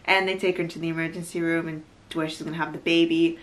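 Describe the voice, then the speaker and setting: A woman talks through a show recap in a loose, chatty way, leaning on "like" and breaking into easy laughter. Her voice sits a little low for a woman. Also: level tone, fast. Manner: chatty, lots of "like", laughs easily. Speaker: YouTuber recapping a reality show. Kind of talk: casual recap chat.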